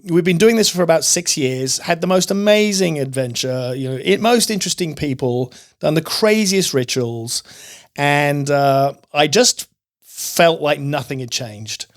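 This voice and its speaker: A man as a podcast guest, sharing his personal testimony in an earnest, animated storytelling manner. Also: a little high, unhurried. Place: podcast studio.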